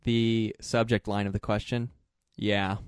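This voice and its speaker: Playful man with a lively voice. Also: mid-range voice, moderate pace, no room sound, studio quality. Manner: joking, playful, puts on silly accents. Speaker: podcast co-host. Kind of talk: casual podcast chat.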